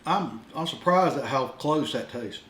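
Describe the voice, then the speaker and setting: A man's voice: medium pitch, animated, a little slow, fairly bright tone, echoey room. A man, co-hosting and taste-testing food with enthusiastic, repeated praise. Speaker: co-host taste tester. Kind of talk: casual taste-test chat. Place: home kitchen.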